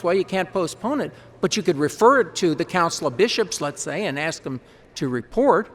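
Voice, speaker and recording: A man who serves as parliamentarian, briefing a large assembly on procedure in a folksy, quick way with chatty asides. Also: on the high side, animated, fairly bright tone. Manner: folksy, quick-talking, explains rules with asides. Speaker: parliamentarian advising delegates. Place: large conference hall.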